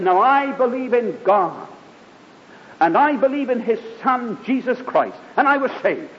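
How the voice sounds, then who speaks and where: A man's voice: lively intonation, a little slow. A man preaching a sermon, telling his own conversion story in a fervent, emphatic way. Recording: dull lo-fi hall recording with faint rumble.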